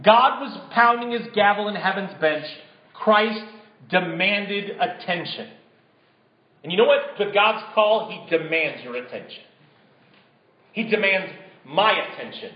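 A male pastor with a fairly high voice delivers a sermon, moving between easy conversational talk and forceful emphatic lines. His voice rings in a roomy church sanctuary. The recording is slightly dull. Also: measured pace. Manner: conversational, builds to emphatic bursts.

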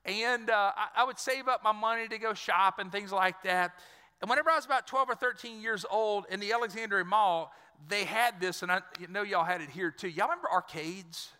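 Guy preaching, storytelling to the church, high voice, echoey hall. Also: a little fast, sharp tone, clean tone. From Louisiana, US. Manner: storytelling, addresses congregation directly. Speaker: pastor. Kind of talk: sermon.

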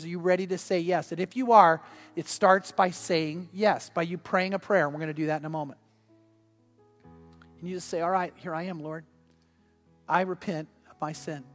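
Older male pastor, high earnest voice. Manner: earnest storytelling, drops soft and quiet for personal stories. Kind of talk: sermon.

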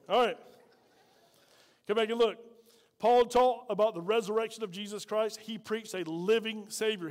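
A pastor with a high, light voice preaches in a folksy way and keeps calling questions out to his congregation. His words ring with the long reverb of a church hall. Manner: folksy, call-and-response preaching. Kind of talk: sermon.

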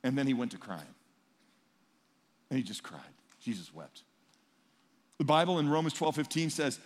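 A male pastor preaching a sermon in a conversational, emphatic way, swinging between loud and hushed. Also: on the high side, expressive, moderate pace, pauses often. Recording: long reverb in a large hall.

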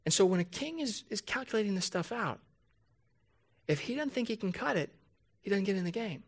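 A man's voice: high voice, animated. Man preaching an emphatic, conversational sermon. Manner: conversational preaching with rhetorical questions; emphatic, slows down to stress key points. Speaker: pastor.

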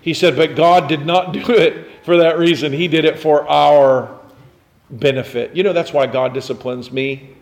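A man preaching a sermon, dropping to soft low asides and then climbing into impassioned cries as he acts out prayers. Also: fairly even intonation, normal speed, gravelly. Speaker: pastor.

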